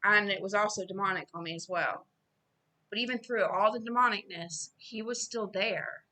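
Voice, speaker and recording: Bright-voiced woman preaching over scripture. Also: mid-range voice, normal speed. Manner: earnest, rising to loud emphatic preaching. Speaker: self-styled preacher. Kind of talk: informal Bible reading and sermon.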